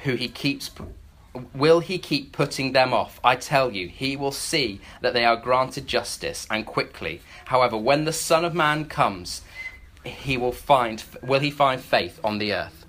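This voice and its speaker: Lively preacher with a bright voice. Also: mid-range voice, unhurried. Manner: animated storytelling, frequent stammered restarts; acts out voices in the story. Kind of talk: sermon.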